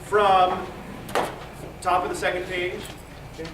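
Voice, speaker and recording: A man with a high-pitched, fairly flat voice coaches a choir slowly in a big rehearsal space, offering encouragement, repeating words, and modeling phrases by singing them. He was recorded from a distance, so the audio is echoey and full of hiss.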